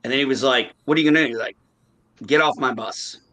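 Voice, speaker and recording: A man's voice: medium pitch, fast talker, no room sound. A man in a casual chat, telling blunt stories and swearing freely. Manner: blunt, animated storyteller who swears freely. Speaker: podcast co-host.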